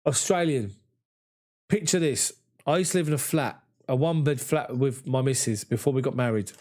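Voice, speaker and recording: A man, hosting a live fan chat after a match and reading viewer comments in an excitable, chatty way. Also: medium pitch, moderate pace. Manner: excitable, chatty, mimics voices in anecdotes. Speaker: fan channel host.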